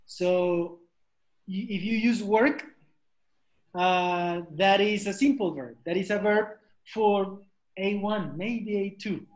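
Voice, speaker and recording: A man's voice: high-pitched, takes it slowly, reverberant. A man teaching an online English class, repeating questions and drilling pronunciation over a video call.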